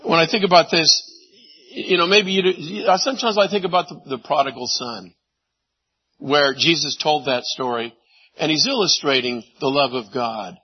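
A man preaching a sermon, animated, swinging from loud exclamations to hushed asides. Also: fairly high pitch, normal speed, husky, dull audio. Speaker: pastor.

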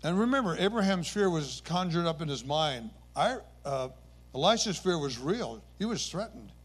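A man's voice: a little high, big pitch swings, normal speed, husky. A man preaching a sermon, retelling scripture stories with earnest emphasis and occasional self-corrections.

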